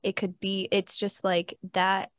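Young female podcast host, casual and chatty, mid pitch, recorded dry and close. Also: completely flat delivery, measured pace, no echo. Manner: chatty, lots of "like" fillers, personal storytelling. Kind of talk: casual conversational interview.

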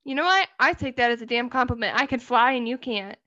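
A woman's voice: fairly high pitch, animated, fast, pushed and bright, dry recording, muffled recording. A young woman co-hosting a casual podcast chat, teasing, laughing often and swearing now and then. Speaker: podcast co-host.

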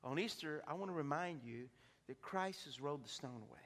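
Man, high voice, pastor, fiery sermon, big church echo. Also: animated, fairly quick. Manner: impassioned preaching, swings from hushed to shouting. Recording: long reverb of a large hall.

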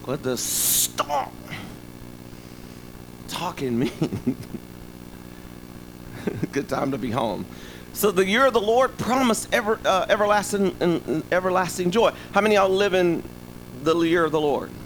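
A man preaching a sermon in an animated, joking way, with rhetorical asides to the congregation. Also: high voice, fairly quick, a little hiss or hum, rough recording. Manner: animated, humorous, call-and-response asides.

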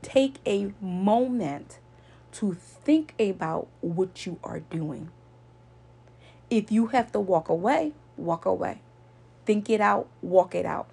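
Earnest woman with a gravelly voice. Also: medium pitch, lively intonation, slow pace, mellow. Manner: earnest, lecturing, repeats points for emphasis. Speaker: vlogger. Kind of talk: casual storytelling to viewers.

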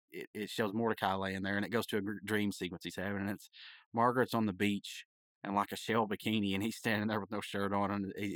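A man hosting a podcast, casually recapping a cartoon episode, rambling with frequent laughs and quick acted-out lines. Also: lowish voice, a bit bright, no echo.

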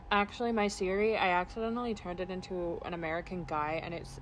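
A woman co-hosting a casual podcast chat, swearing freely and ranting with animated energy. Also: fairly low pitch, moderate pace, slight background noise. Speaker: podcast co-host.

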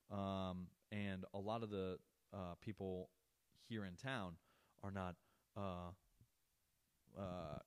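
A man's voice: low voice, no echo. A young adult man hosting a podcast, telling a story in a casual, profane, ranting way. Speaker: podcast host.

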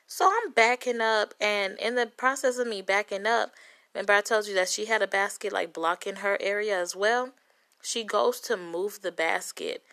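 Bright-voiced woman ranting a story. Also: medium pitch, moderate pace. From Compton, California. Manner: profane, heated, dramatic retelling with quoted voices. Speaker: vlogger telling a story. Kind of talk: animated storytelling rant.

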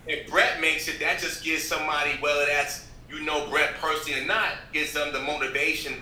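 In a casual interview where he's the podcast guest, a man who hosts radio talks in an earnest, motivating way, though he rambles and restarts. His voice is on the high side with little pitch movement, bright and forceful, at a fairly quick pace. The audio carries a roomy echo plus faint background noise.

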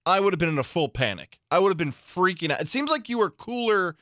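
A man with a slightly high, very lively voice that swings up and down as he teases his co-host in casual chat. He fires off quick follow-up questions. The sound is dry and close. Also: no echo. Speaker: sports radio co-host.

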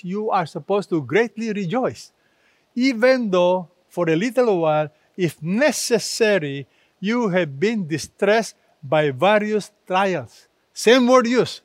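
A pastor with a high-pitched voice preaches a sermon slowly and deliberately, putting weight on each phrase. The sound is close and dry, with no echo.

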